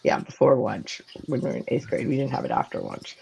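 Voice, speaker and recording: Brief: woman in her 40s, casual chat host, gravelly voice with lively swings in pitch. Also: fairly quick, background noise. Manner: animated, many "like"s, acts out quoted dialogue. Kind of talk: casual chat, personal storytelling.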